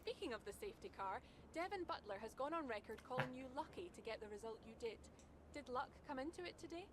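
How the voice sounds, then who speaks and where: An actress playing a professional female reporter interviewing a driver in a video game, brisk and polished. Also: high-pitched, expressive, a crowd in the background.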